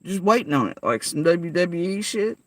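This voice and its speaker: A woman's voice: lowish voice, animated, moderate pace, no room sound. A woman vlogger rants to her livestream chat. She is heated and profane, and she keeps firing confrontational rhetorical questions at her viewers. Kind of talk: livestream rant addressing chat.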